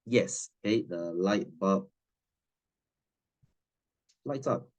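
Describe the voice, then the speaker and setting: A man's voice: low-pitched, very slow. A man, teaching a science class in a chatty, teasing way and laughing often. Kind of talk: classroom lesson.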